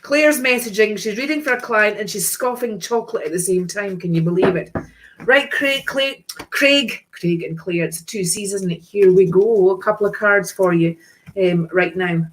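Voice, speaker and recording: A woman reads tarot cards for viewers on a live stream. She talks in a casual, breezy way, full of endearments and exclamations. Her voice sits at an ordinary middle pitch. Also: moderate pace, a little hiss or hum. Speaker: psychic tarot reader hosting a live stream.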